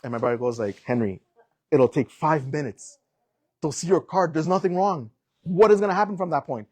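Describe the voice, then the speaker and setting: Animated young man telling a sermon story. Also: a little high, moderate pace, no echo. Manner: animated storytelling, acts out quotes. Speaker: preacher.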